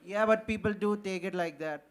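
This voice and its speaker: A high-pitched man speaks up from the audience with a question. He talks haltingly and leans on filler words. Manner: hesitant, many "like" fillers. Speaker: audience member asking a question.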